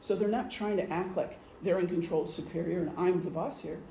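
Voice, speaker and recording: A man's voice: sits high, fairly even intonation, a little fast, creaky, dark tone. A middle-aged man giving an informal presentation to a group, talking conversationally with examples and frequent ums. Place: meeting room. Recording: echoey room, faint hum.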